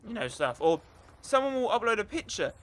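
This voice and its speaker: A young man ranting in an animated, exasperated way over gameplay as the host of his gaming channel. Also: high-pitched, fairly quick.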